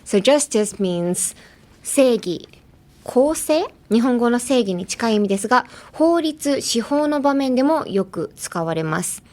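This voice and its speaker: A woman talking casually in a bilingual English lesson on a podcast, chatty and quick to laugh, slipping between English and Japanese. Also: fairly high pitch, animated, darkish tone.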